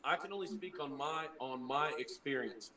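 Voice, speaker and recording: A man's voice: mid-range voice, moderate pace, echoey room, far from the mic, a crowd in the background, poor audio. A man who trained as a preacher, earnestly explaining things in a casual group chat and often restarting his words. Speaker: former preacher.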